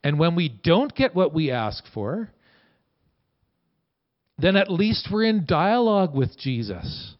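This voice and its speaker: A man preaching in a relaxed, conversational way, his voice sitting a little high for a man. He acts out quoted lines with lift and energy. The recording sounds dull and lo-fi. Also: slow, pauses often. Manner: conversational, animated quoting with rising voice. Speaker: pastor. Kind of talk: sermon.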